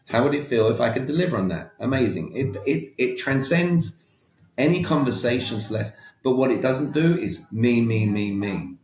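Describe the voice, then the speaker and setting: A man's voice: mid-range voice, reverberant. A man talking as a podcast guest, emphatic and coaching in tone, often repeating words and asking rhetorical questions. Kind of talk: conversational coaching talk.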